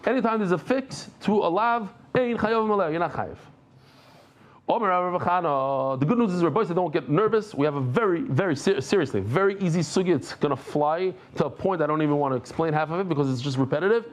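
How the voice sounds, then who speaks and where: Man, middle-aged, Talmud lecture, animated, self-interrupting, bantering with audience, slightly raised pitch. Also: fairly quick. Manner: lively, jumps between thoughts, self-interrupting; banters with listeners in the room. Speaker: Talmud teacher.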